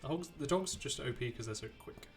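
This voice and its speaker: A man's voice: medium pitch, lively intonation, fast, vocal fry. A man giving casual live commentary while he plays a video game, rambling and chatting to the characters on screen. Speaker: streamer playing a video game. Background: game music.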